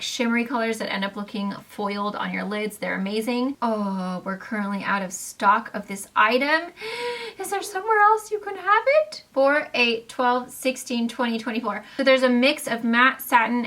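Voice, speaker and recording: A woman's voice: a little high, fairly bright tone. A woman beauty vlogger reviewing makeup palettes to camera in a bubbly, gushing, chatty way. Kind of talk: casual product review to camera.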